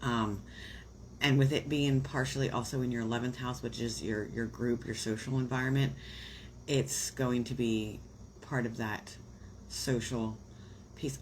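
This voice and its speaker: A woman's voice: extremely low pitch, steady tone, unhurried, slight background noise. A woman giving astrology readings on a live stream, talking casually with many fillers and growing emotional about her viewers. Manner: warm, emotional, chatty with frequent fillers. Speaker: astrology reader on a livestream.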